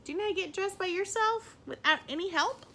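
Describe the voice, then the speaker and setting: A woman reading a children's picture book aloud in an animated way, with soft whispered asides to young listeners. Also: very high-pitched, fast, slight background noise. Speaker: read-aloud storyteller.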